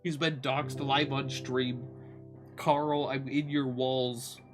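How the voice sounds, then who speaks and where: A man's voice: mid-range voice, flat delivery, slow pace. A man streaming a visual novel, joking and laughing in casual commentary. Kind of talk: casual let's-play commentary. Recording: music playing behind.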